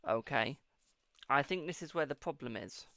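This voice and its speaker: A man's voice: medium pitch, animated, normal speed, bright, forceful tone, dry recording. A British man hosting a live-stream tarot reading, chatty and affectionate, calling viewers darling and boo.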